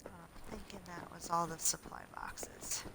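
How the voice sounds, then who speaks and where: A woman in her twenties streaming a first playthrough of a game, chatting casually and muttering quietly to herself. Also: fairly low pitch, steady tone, measured pace, gravelly, in a whisper, low-quality recording. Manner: soft-spoken, muttering to herself. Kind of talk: casual gameplay commentary.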